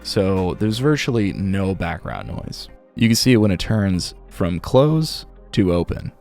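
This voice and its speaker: A relaxed man rambling through a casual livestream. He reads chat questions aloud, and his slightly sore voice has a gravelly fry. His pitch swings widely, with faint music playing behind him. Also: unhurried. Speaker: audiobook narrator and livestreamer.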